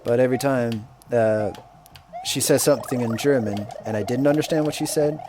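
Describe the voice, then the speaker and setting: A man streaming a game and chatting casually, telling stories in a rambling, unhurried way. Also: mid-range voice, background noise. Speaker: streamer and English teacher. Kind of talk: casual chat while playing a game. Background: faint video game music.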